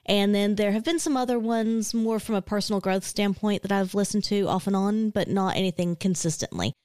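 Relaxed hedging woman co-host. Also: mid-range voice, brisk, smooth, dry recording, clean studio sound. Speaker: podcast co-host. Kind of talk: casual chat.

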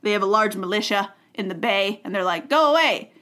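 A woman with a bright, forceful voice narrates history in relaxed podcast chat. She jokes, laughs often and fills her pauses with ums and likes. The tone stays loose and playful. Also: mid-range voice. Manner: joking, laughs often, filler-heavy. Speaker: podcast host telling history. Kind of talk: casual chat.

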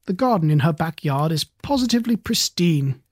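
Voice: medium pitch, animated, fairly quick, dry recording, close to an everyday voice. A narrator voicing a fussy, polite star-keeper. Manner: fussy, polite, fond of fancy words. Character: flustered portly bald older male star-keeper.

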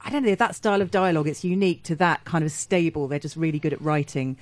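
A woman with a lowish voice joins a studio podcast as a TV critic. She is blunt and salty, laughing often. The sound is dry and close. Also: fast talker, no room sound. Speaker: TV critic guest. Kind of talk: casual chat.

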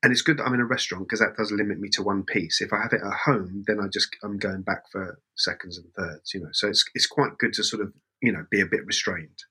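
A middle-aged man chats as a podcast guest. His voice is bright with a husky edge. He talks in a relaxed, teasing way. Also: lowish voice, quick pace, few pauses. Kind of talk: casual chat.

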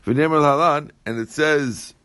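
A man's voice: a little high, moderate pace, bright, forceful tone, no echo. A man teaching a Talmud class who reads Aramaic lines and then explains them in plain English, often repeating his phrases. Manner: repeats phrases while working through the text.

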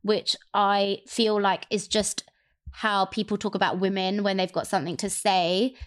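A young woman telling a personal story candidly in a casual chat. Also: mid-range voice. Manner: candid, rapid, expressive storytelling. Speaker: guest sharing a personal story.

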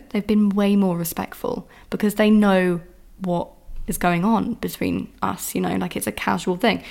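Exasperated young woman ranting, gravelly. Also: medium pitch. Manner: exasperated, swears often, mimics men's voices. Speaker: podcast host. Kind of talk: casual solo podcast rant.

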